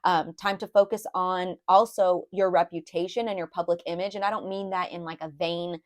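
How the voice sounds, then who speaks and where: Her lowish voice moves at a moderate pace with fairly even intonation as she gives a casual tarot reading. The woman rambles and confides, full of fillers and restarts, openly emotional when talking about her own feelings.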